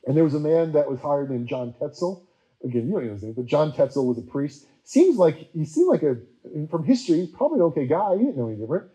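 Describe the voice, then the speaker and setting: A man preacher giving a casual, chatty history talk, full of fillers and quickly acted-out quotes. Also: on the high side, sing-song, mellow, poor audio.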